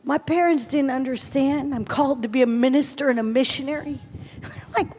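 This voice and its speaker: A middle-aged woman preaching a sermon with personal testimony, animated and playful, dropping to hushed tones between exclamations. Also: high voice, brisk, slight background noise. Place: large event hall, live audience.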